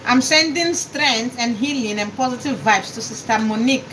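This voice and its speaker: Give me a chatty Nigerian woman with a high voice who laughs and shouts greetings on a noisy live stream. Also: a little slow. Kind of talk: casual live-stream chat while cooking.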